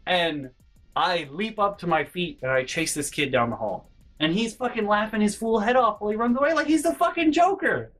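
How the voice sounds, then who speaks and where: A man vlogging a personal story in an animated way, swinging between hushed and loud and swearing freely. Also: sits high, brisk, rough recording. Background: faint background music.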